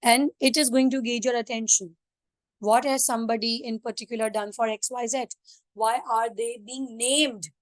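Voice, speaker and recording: Rather high-voiced woman teaching a class. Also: fairly even intonation, normal speed, dry recording. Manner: asks many questions, mixes English with Hindi-Urdu. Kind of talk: classroom lecture.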